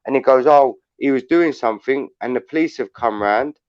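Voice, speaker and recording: A man's voice: medium pitch, brisk, clear, resonant tone, no echo, dull audio. A man with a London accent who hosts a livestream panel, telling stories in a blunt, sweary rant. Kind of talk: heated casual chat.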